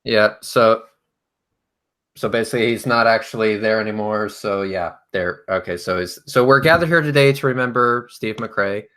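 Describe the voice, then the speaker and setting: A man with a fairly low voice tells a story in easygoing livestream chat. He swears freely and delivers jokes with a dry edge. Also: moderate pace, fairly bright tone. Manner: profane, storytelling, dry humor. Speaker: show host.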